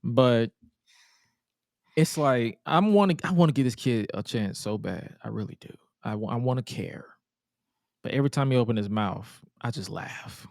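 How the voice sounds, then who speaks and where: Guy hosting a podcast, blunt and jokey, swears a lot, smooth clear voice, dry close sound. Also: mid-range voice, lively intonation, moderate pace, a little mellow, no room sound. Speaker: podcast host. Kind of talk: casual podcast chat.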